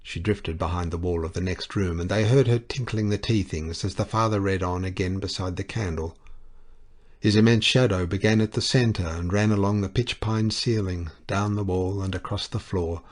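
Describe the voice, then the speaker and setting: A man narrating a novel as an audiobook, reading in a steady, measured way. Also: deep voice. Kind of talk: scripted narration.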